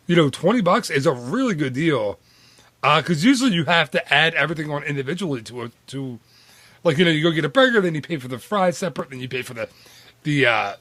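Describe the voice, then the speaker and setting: A man in his late thirties or forties co-hosts a podcast, chatting casually and rambling with plenty of "dude" and frequent restarts. His voice is a little high and fairly bright, with no echo.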